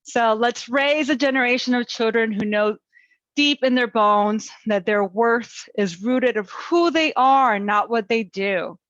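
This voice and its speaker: A woman's voice: fairly high pitch, measured pace, a bit bright, dry recording, dull audio. A woman presenting an online webinar on parenting and resilience, talking in an encouraging, chatty way with many fillers.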